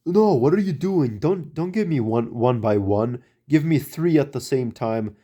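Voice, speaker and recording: A man's voice: medium pitch, lively intonation, moderate pace, mellow, pitched above the performer's own voice. A man voicing his impatient, angry boss on a job site, snapping out scolding questions.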